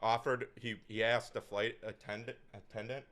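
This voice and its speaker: A man's voice: medium pitch, flat delivery, moderate pace, fairly bright tone. A man co-hosting a podcast, telling stories in casual chat, rambling and hesitant with many fillers. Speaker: podcast co-host.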